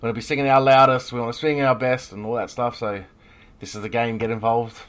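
A man's voice: medium pitch, little pitch movement, fast talker, a bit bright. An Australian man hosting a casual podcast chat, rambling with lots of fillers and frequent laughs. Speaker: podcast host.

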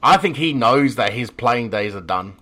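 A man's voice: mid-range voice, animated, normal speed, crowd noise. A man co-hosting a casual football chat, joking and swearing freely. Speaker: podcast co-host.

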